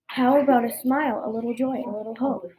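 A woman's voice: on the high side, fairly even intonation, fast talker, dark tone, a little hiss or hum, lightly acted, poor audio. A woman reading a picture book, voicing a squirmy, slightly impolite female squid in a coaxing way. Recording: chattering crowd behind.

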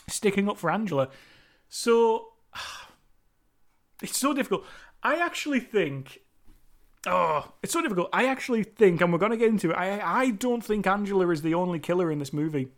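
Chatty British man reviewing a film. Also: high-pitched. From United Kingdom. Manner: loose and chatty, with many restarts, casual swearing and laughter. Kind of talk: casual rambling commentary.

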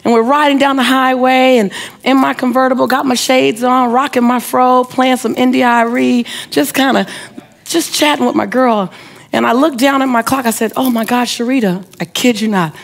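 Animated woman giving a motivational speech. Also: high voice, moderate pace, gravelly. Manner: animated storyteller, acts out quoted voices; audience-directed, repeated rhetorical questions. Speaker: motivational speaker. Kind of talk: inspirational speech.

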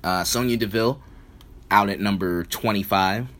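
A man's voice: on the low side, normal speed. A man giving a rambling, casual recap of a wrestling event, with lots of fillers. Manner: rambling, many fillers, relaxed. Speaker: wrestling show reviewer.

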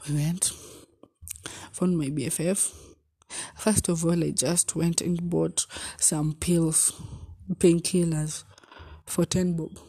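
A young woman with a Kenyan accent tells a personal heartbreak story, swinging between loud exclamations and hushed asides and slipping in Swahili. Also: fairly low pitch, steady tone, slow, long pauses, breathy edge. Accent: Kenyan English. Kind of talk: emotional storytime vlog.

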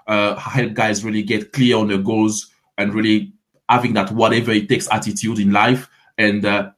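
French-accented man, low voice. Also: little pitch movement, normal speed, a bit bright. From Ivory Coast. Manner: friendly, repeats words while starting sentences. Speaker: guest, fitness coach. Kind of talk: interview answers.

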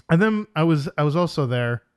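A man from New York co-hosting a casual podcast chat, blunt and deadpan as he tells joking stories. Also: a little high. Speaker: podcast co-host.

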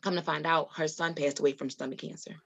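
Woman, low voice, podcast guest, testimony storytelling, earnest, rambling with ums, muffled lo-fi sound. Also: level tone, quick pace, vocal fry, slightly rough. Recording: dull lo-fi audio.

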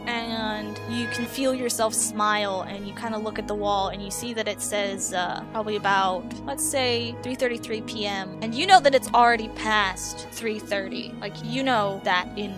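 A woman running a tabletop role-playing game as game master, narrating casually and slowing down for the vision scene. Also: mid-range voice, steady tone, over music. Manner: casual, giggly, slows for vivid narration.

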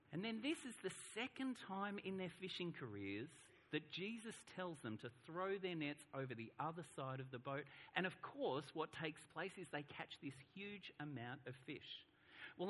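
A man with an Australian accent from Melbourne, preaching a sermon, reading scripture slowly and then speaking with animated, rising emphasis. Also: on the high side. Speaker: pastor. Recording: long reverb in a large hall.

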